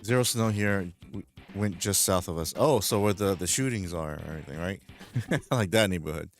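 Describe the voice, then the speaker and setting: A man's voice: low voice, a little fast, soft background music. A man, hosting a livestream and exclaiming and swearing at the game as he plays. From the Bronx, New York. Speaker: livestream host. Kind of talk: live gameplay commentary.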